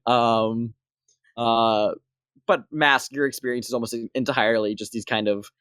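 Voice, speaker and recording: A woman's voice: rumbling low, fairly even intonation, measured pace, a bit bright, clean tone, no room sound, studio quality. A woman narrating a tabletop game as dungeon master, rambling with many fillers.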